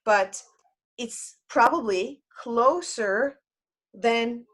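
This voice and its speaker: A woman's voice: a little high, very slow, fairly bright tone. Woman teaching online. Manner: explanatory, asks the audience questions. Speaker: Hebrew teacher. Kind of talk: online lecture to learners. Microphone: video call.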